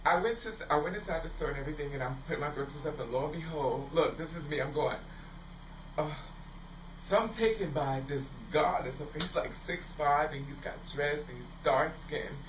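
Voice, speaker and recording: A woman's voice: deep voice, a little fast, noisy background. A woman vlogger telling a story in casual chat to the camera, laughing often and swearing freely. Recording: roomy, distant, dull lo-fi sound.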